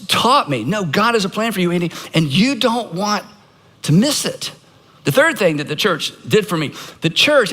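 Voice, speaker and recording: Man, pastor, conversational sermon, earnest storytelling, high voice. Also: pushed and bright. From Georgia, United States. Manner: earnest storytelling with self-deprecating asides.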